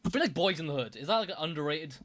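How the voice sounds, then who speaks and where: A man's voice: a little high, lively intonation, very fast, crowd noise. A man chatting casually as a streamer reacting to videos, enthusiastic and rambling. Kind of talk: casual chat.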